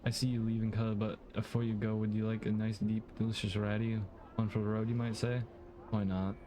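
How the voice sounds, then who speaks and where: A man's voice: lowish voice, level tone, brisk, mellow, slight background noise, natural voice. A man putting on a grimy Scottish rat-meat seller. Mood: hawking. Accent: put-on Scottish. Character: grimy chatty male rat-meat vendor. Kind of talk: reading game dialogue aloud.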